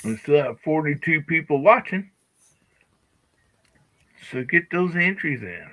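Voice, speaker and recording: Man hosting a live show: bright, gravelly tone, lively pitch, has the hiccups. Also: a little slow. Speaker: podcast host. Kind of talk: casual livestream chat.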